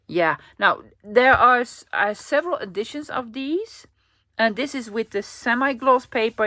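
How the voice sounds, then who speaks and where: A woman's voice: medium pitch, fairly bright tone. A woman from the Netherlands, chatting casually to camera as she shows off her thrift-store haul and coos over the pictures. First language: Dutch. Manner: chatty and enthusiastic, cooing over finds. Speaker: vlogger showing a thrift haul.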